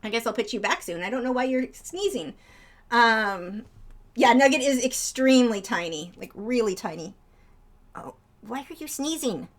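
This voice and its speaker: A young woman chatting casually on a live stream, rambling between topics and breaking into a high baby voice for her pet birds. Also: animated, normal speed. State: out of breath.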